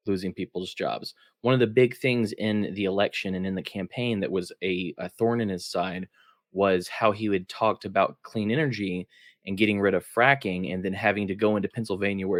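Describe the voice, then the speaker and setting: Low-voiced upbeat podcast man. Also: no room sound, clean studio sound. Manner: upbeat, laughs often, reads headlines aloud. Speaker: podcast co-host. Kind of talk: casual political chat.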